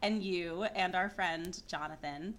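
A woman's voice: on the low side, a little slow. A woman in her thirties, a podcast guest, chatting casually and acting out quoted lines as she tells a story. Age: 30s. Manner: animated storyteller, acts out quoted dialogue. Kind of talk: casual chat.

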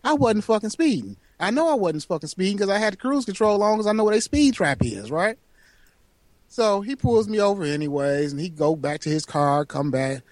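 A man telling a profane, animated story on a casual podcast chat. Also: high voice, a little fast. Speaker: podcast co-host.

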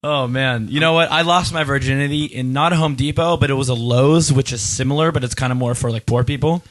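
A man's voice: medium pitch, brisk, fairly bright tone, dry recording. A young man co-hosting a casual comedy podcast from a hotel room, laid-back and crude. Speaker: podcast co-host.

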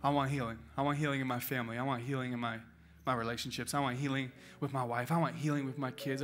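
A man's voice: medium pitch, level tone, quick pace, hardly any pauses, fairly bright tone, soft background music. A male pastor preaching a sermon in a church, telling a personal story with emotion and urging his congregation passionately. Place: church auditorium.

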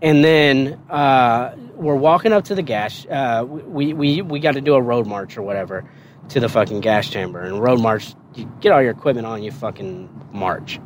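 A man telling basic training stories in a casual, profane and animated way on a podcast. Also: mid-range voice, normal speed, a little hiss or hum. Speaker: podcast guest storyteller. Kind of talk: casual storytelling.

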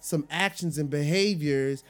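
A young man hosting a podcast, telling a personal story in an emphatic way and slowing down to stress words. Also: a little high. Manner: emphatic, slows down to stress words when upset. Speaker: podcast host.

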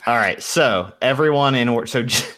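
A man's voice: medium pitch, brisk, fairly bright tone. A young man running a tabletop game as game master, reading out rules casually and swearing now and then.

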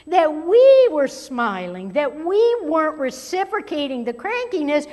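A woman pastor preaching a sermon, moving between strong emphasis and hushed, near-whispered asides. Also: sits high, very animated, a little slow, hardly any pauses. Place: church sanctuary. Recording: long hall reverb.

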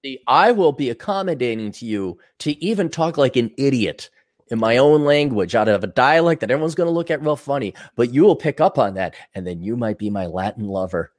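A man's voice: mid-range voice, expressive, brisk. A man co-hosting a podcast in crude, joking casual chat. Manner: crude, joking, mimics accents. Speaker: podcast co-host.

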